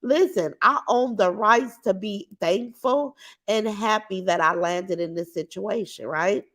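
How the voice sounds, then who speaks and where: A woman's voice: medium pitch, unhurried, fairly bright tone. Brash, outspoken woman on a livestream. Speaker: livestream host reading chat. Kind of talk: casual livestream chat. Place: home, sitting on a couch. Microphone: computer mic.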